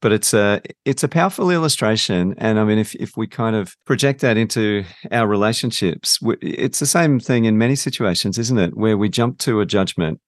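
Podcast host: deep-voiced middle-aged man, reflective and measured, dry close sound. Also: dry recording. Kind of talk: interview conversation.

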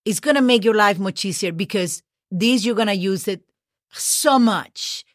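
A woman's voice: mid-range voice, unhurried, no room sound, studio quality. A woman with a Spanish accent, a native Spanish speaker, teaching a casual language lesson, spelling out words and encouraging her listeners. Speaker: Spanish teacher, podcast host.

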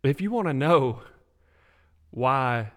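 Guy on a church podcast getting fired up like he's preaching, mid pitch. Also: takes it slowly. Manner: animated, preacher-like emphasis. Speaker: podcast co-host. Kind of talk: faith podcast discussion.

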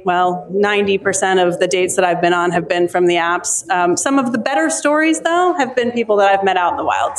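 A woman, an author, chatting with a live audience at her book launch, often pausing with ums and restarting her sentences. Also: medium pitch. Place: live event before an audience.

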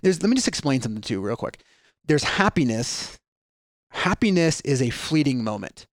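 A man's voice: mid-range voice, normal speed, no echo, studio quality. A man talking through ideas in a casual podcast conversation, acting out quoted people as he goes and often restarting his sentences. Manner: animated storyteller, acts out quoted voices, frequent restarts. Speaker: guest speaker on mindset.

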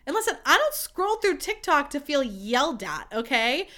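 A woman's voice: sits high, very animated, normal speed, bright, forceful tone. A young woman hosting her own podcast, chatting candidly and swearing freely in a self-mocking way. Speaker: podcast host. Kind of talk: casual solo podcast chat.

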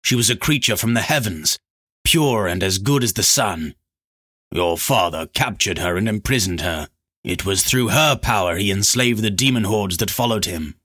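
A man's voice: on the low side, expressive, moderate pace, fairly bright tone. A man voicing a desperate, balding male sorcerer who pleads and gasps for his life in an audiobook. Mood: pleading. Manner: pleading, gasping, frantic.

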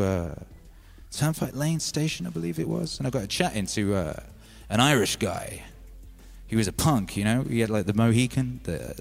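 A man's voice: lowish voice, gravelly, a little mellow. A man with a British accent hosting a music stream, telling stories in a rambling, casual way full of "you know". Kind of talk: casual storytelling.

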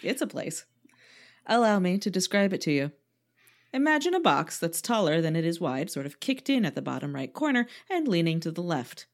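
A woman's voice: fairly low pitch, sing-song, normal speed. A woman co-hosting a podcast, reading from a script with playful, self-mocking asides and frequent laughter. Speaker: podcast co-host.

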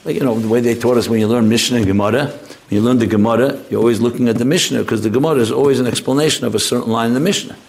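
A man's voice: medium pitch, very fast, creaky, darkish tone. A man giving an informal Torah class, talking in a rambling, anecdotal way with frequent restarts. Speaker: Torah teacher.

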